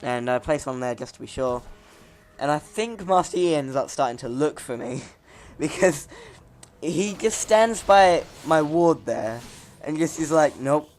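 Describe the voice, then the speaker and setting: A man's voice: fairly high pitch, a little mellow. A man casually commenting over his gameplay, rambling, laughing at himself, his voice cracking now and then. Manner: rambling, chuckling, self-mocking.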